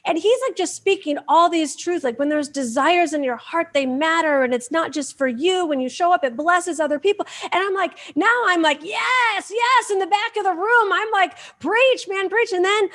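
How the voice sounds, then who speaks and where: A high-voiced woman from Michigan, talking as a guest on a conversational show. She tells her story with lively energy and slips in and out of little acted voices and quotes. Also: a little fast, few pauses. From Michigan, USA. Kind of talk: animated personal storytelling.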